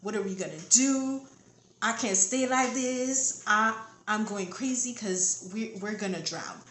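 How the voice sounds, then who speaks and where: A woman's voice: a little high, a little slow, a bit bright, reverberant, a little hiss or hum. A woman voicing a panicked male disciple caught in a storm, talking frantically and pleading.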